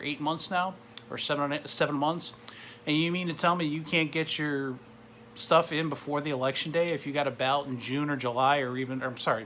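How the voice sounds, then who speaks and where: A man's voice: medium pitch, pushed and bright, a little hiss or hum. A man in his forties ranting to camera in a blunt, sarcastic way. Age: 40s. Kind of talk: political rant to camera.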